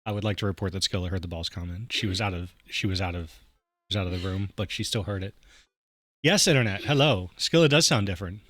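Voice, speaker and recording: A man's voice: deep voice, quick pace, a bit bright, no echo, studio quality. A man hosting a game playthrough, reading the story aloud and joking with viewers. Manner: playful, joking. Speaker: gaming channel host.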